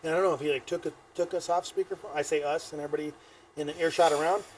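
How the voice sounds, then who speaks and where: A man co-hosting a podcast and telling a story with animated, profane energy, breaking into laughter as he goes. His voice sits fairly high, and there is a faint hiss of noise behind it. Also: very fast. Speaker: podcast co-host. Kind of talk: casual storytelling chat.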